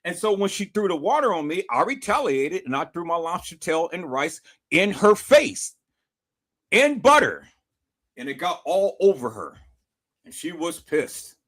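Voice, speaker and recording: A young man telling a story straight to his viewers with animated, emphatic delivery and lots of swearing. His voice sits somewhat high for a man and rises and falls widely in pitch. He leans on repetition for emphasis. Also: a little slow. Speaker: vlogger. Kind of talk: casual storytelling to camera.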